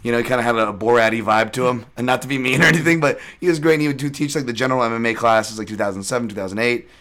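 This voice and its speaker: A man's voice: medium pitch, racing, fairly bright tone. A man hosting a podcast, chatting casually and rambling through a story with many fillers and restarts. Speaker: podcast host.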